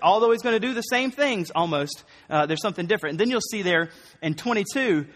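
A man preaching a conversational, animated sermon, often acting out the voices of the people he quotes. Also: sits high, quick pace, big-room sound.

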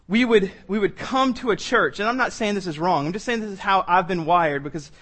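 A man in his forties preaching a sermon, telling a personal story with animated delivery that climbs into shouts. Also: high voice, a little fast. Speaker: pastor.

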